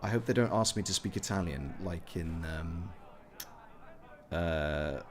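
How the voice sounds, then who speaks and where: A man's voice: low-pitched, a little slow, a little hiss or hum. A man giving casual let's-play commentary, chatting with his chat and rambling into jokey asides. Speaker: gameplay commentator.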